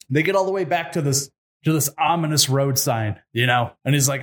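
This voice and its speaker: Man retelling a folk tale casually. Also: mid-range voice. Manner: irreverent, swears, fast retold dialogue. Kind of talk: casual comic storytelling.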